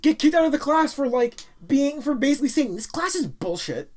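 A young woman, co-hosting a podcast and telling school stories in a giggly, swearing, animated way. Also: high-pitched, a little fast. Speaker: podcast co-host. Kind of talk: casual podcast chat, storytelling.

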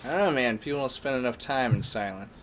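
A man as a guest in a casual chat, relaxed and laughing often. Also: medium pitch, fast, slight background noise.

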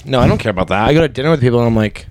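Teasing young man with high laughs. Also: animated, racing, dry recording, studio quality. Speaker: podcast co-host. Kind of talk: casual comedy podcast chat.

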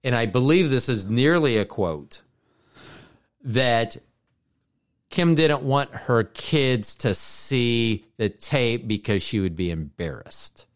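Smooth-voiced man telling a rambling story. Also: mid-range voice, animated, takes it slowly. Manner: rambling storyteller, many asides and restarts. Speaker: podcast co-host. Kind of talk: casual chat.

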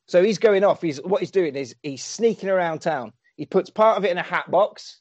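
A man retelling a story in a casual comic way, excitable, laughing and swearing freely. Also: fairly high pitch, moderate pace, few pauses, highs cut off.

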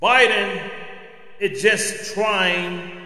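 A man's voice: sits high, very slow, pushed and bright. A man hosting a podcast, delivering an angry political rant. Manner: angry, ranting. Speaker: podcast host. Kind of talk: political commentary monologue. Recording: roomy echo with long reverb.

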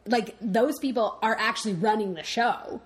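A woman co-hosting a podcast in casual chat, talking fast and loose with lots of "like" fillers and laughing as she goes. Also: fairly high pitch, crowd noise. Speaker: podcast co-host. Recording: background noise.

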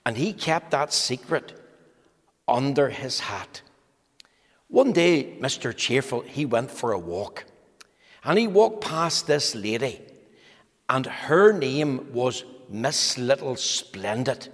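A man giving a children's talk in church, telling a story slowly and gently to the children. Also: medium pitch, husky. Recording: long hall reverb.

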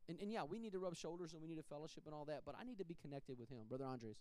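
A man's voice: on the high side, very fast, darkish tone, dry recording. A man, a pastor, teaching a Bible study in a candid, personal, conversational way, often restarting his sentences and chuckling.

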